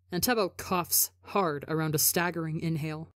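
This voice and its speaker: A woman narrating a fan fiction audiobook in a soft, measured storytelling manner. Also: lowish voice, fairly even intonation, dry recording, clean studio sound. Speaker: podcast reader.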